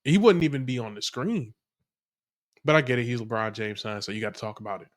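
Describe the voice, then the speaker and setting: A man's voice: mid-range voice, fairly quick. A man co-hosting a podcast, reacting in casual, slangy talk that rambles and restarts. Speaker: podcast co-host.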